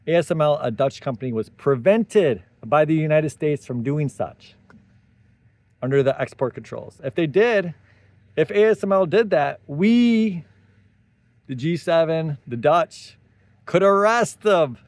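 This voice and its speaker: A man's voice: a little high, expressive, moderate pace, a little mellow, no room sound. A man hosting a solo tech commentary, talking animatedly with sarcastic asides and tangents. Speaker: tech commentary channel host.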